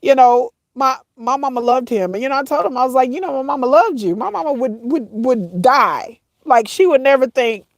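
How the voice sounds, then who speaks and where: A middle-aged woman talks straight to her viewers, halting and circling back on her words as tears press at her voice. Her tone sits a touch high, and the recording is close and dry with no room sound. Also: dry recording. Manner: halting, repeats herself, addresses viewers as y'all. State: tearful, voice breaking at times. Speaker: vlogger. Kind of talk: emotional personal storytelling to viewers.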